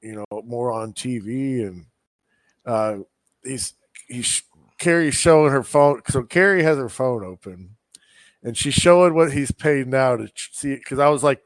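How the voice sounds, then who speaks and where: A man's voice: mid-range voice, measured pace, dry recording, studio quality. A man co-hosting a podcast, telling a rambling anecdote in casual chat and mimicking the people in it. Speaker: podcast co-host.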